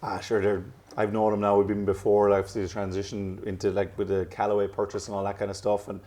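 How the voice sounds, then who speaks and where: A man in his thirties with an Irish accent that has picked up some American edges, talking in a loose, rambling way full of self-corrections. His voice sits fairly low and sounds warm and mellow, never sharp. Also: completely flat delivery, brisk. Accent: Irish with some American drift. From Ireland. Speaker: professional golfer, guest. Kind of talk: casual interview chat.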